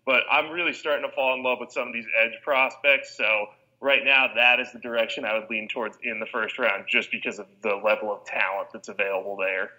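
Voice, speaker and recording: A man's voice: medium pitch, fairly even intonation, fairly quick, sharp tone, low-quality recording. A man chatting casually on a sports podcast, giving opinions on draft prospects with frequent ums. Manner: conversational, hedging with ums. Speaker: draft analyst.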